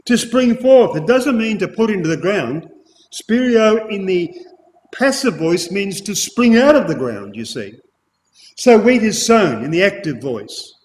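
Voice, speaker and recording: A man preaching an expository sermon, emphatic, repeating key phrases and addressing his listeners as ladies and gentlemen. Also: sits high. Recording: long hall reverb.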